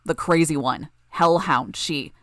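A woman's voice: deep voice, a little fast, fairly bright tone, no echo, studio quality. A woman narrator voicing a violent, snarling male villain, growling and menacing.

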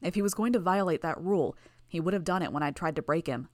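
A woman voicing a calm, smooth-talking and menacing male killer, speaking in a mocking tone. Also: fairly low pitch, quick pace, no room sound, close to an everyday voice.

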